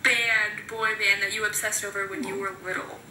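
A woman's voice: medium pitch, little pitch movement, moderate pace, pushed and bright, roomy sound. A woman fan eagerly asking questions in a short clip played back. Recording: distant, noisy phone-clip audio.

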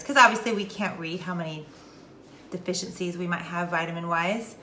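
A woman's voice: fairly low pitch, brisk, sharp tone. A middle-aged woman talking casually to her followers, emphatic and preachy, repeating her key points. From Texas. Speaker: wellness vlogger. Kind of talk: casual direct-to-camera talk. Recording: echoey room, faint noise.

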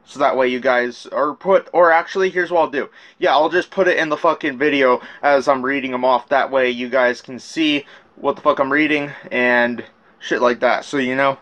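With a steady, medium-pitched and fairly bright voice at normal speed, a man goes through the messages behind a rap feud from his point of view. His delivery is rambling and profane, full of restarts.

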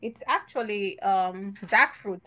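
A woman's voice: medium pitch, slow, sharp tone, slight background noise. Jamaican woman hosting a live home cooking stream; playful, giggly, cracks jokes. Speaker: cooking show host. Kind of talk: casual live cooking chat. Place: home kitchen.

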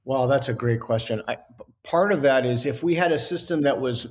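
A man's voice: medium pitch, brisk. Earnest male guest thinking aloud. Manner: earnest, restarts often, reasoning aloud. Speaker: author and guest. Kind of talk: interview conversation.

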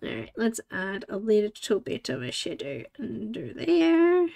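Woman, 40s, host of a live art stream; high voice, unhurried, chatty and giggly. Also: huge pitch swings, gravelly, a little mellow. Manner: chatty, laughing, teasing her cat. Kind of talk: live coloring stream chat.

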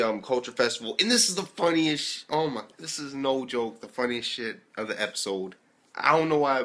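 A young man from the US giving a casual anime review, telling stories animatedly and swearing constantly, jumping between loud outbursts and near-whispered asides. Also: mid-range voice. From United States. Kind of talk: casual profane review rant.

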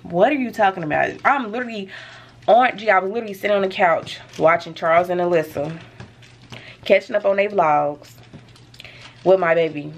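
Animated woman telling a story at home. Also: medium pitch, brisk, long pauses, lo-fi sound. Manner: animated storytelling, lots of slang and cursing. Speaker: vlogger. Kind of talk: casual story time to camera. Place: home, indoors.

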